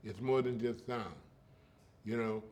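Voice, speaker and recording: A man's voice: medium pitch, fairly even intonation, unhurried, darkish tone. An older man in an interview, talking in a rhythmic, emphatic way and often tagging lines with "you know" and "okay.". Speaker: interviewee, griot. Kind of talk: casual conversational storytelling.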